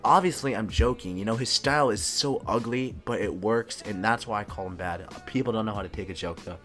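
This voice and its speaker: A man's voice: lowish voice, brisk, a bit bright, soft background music. Casual man ranking fighters. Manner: casual, says "dude" a lot, stumbles and repeats words. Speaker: MMA YouTube host.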